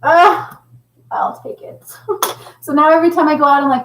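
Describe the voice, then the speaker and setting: A middle-aged woman hosting a casual livestream, chatting and reading viewer comments with a laughing, animated manner. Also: sits high, takes it slowly, long pauses, roomy sound, poor audio. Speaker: livestream host.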